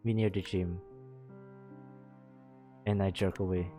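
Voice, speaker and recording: A man from Malaysia, a streamer reading a visual novel aloud in a steady manner. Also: low voice, slow, long pauses, soft background music. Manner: reads narration steadily, breaking off to laugh and comment. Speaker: VTuber streamer.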